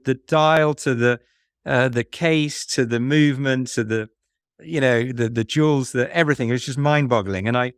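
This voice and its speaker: A man talks through his ideas at an ordinary mid pitch, circling back and restarting as he goes. The sound is dry and close, with no room around him. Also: dry recording. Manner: musing, halting, with frequent restarts and fillers. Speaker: fund manager guest. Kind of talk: conversational podcast interview.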